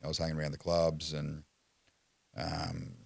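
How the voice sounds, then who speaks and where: A man's voice: a bass voice, steady tone, unhurried, vocal fry, husky, dry recording. An Australian man telling a story as a podcast guest, blunt and foul-mouthed in casual chat. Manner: blunt, heavy swearing, acts out quotes.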